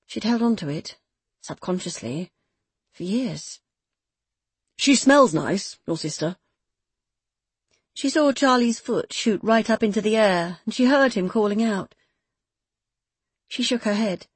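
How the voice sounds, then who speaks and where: A woman reading a novel aloud in measured, intimate scripted narration. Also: medium pitch, expressive, slightly rough, dry recording. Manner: measured, intimate, close third-person storytelling. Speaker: audiobook narrator.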